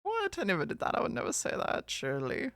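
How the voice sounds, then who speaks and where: A woman streaming live, sarcastic and quick to swear, with a gravelly, bright voice whose pitch swings widely. She laughs often. The sound is close and dry, from a desk mic. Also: big pitch swings, no room sound.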